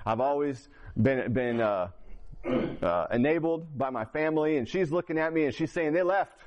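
A man's voice: medium pitch, normal speed, muffled recording. A man in his forties from Indiana giving a candid personal testimony, rambling with restarts. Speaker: recovering addict telling his story.

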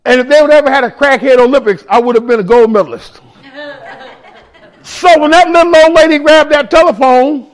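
A man in ministry giving a testimony sermon, telling his story in a raw, emotional, street-casual way, rising to shouts and speaking directly to the room. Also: very high-pitched, fairly quick. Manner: addresses listeners directly in the room.

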